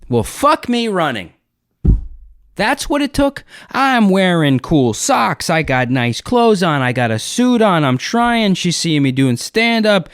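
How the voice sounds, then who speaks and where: A comedian spins a rambling, profane story, his voice swinging lively up and down and sitting a bit high for a man. The sound is close and dry, with no room around it. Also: unhurried, no echo. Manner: animated, profane, acts out dialogue in character voices.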